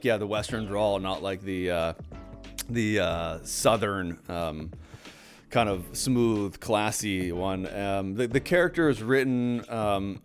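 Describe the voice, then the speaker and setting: A young man co-hosting a casual film chat, rambling with many fillers and restarts. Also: lowish voice. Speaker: podcast co-host.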